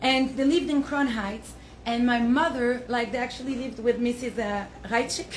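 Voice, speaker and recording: A woman's voice: a little high, steady tone, moderate pace, slight background noise. A young woman from the south of France, teaching a Torah class to a live audience. She tells stories with animation, laughs often and mixes in Hebrew and Yiddish terms. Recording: roomy echo, faint ambience.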